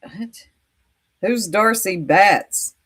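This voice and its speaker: A woman's voice: mid-range voice, extremely slow, a bit bright, breathy edge. A woman with an Appalachian American accent, chatting as a co-host in a teasing way and laughing often. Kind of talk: casual podcast chat.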